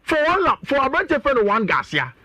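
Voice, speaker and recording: A man's voice: very high voice, wildly swooping pitch, a little fast, pushed and bright, dry recording. A man with a Ghanaian accent, talking as a sports pundit on a radio show, chatty and often addressing his co-host.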